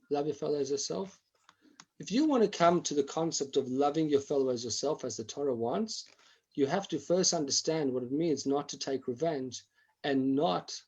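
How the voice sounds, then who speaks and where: A man's voice: on the high side, a little mellow, breathy edge, lo-fi sound. A man teaching a Torah class online, acting out examples and often restarting his sentences.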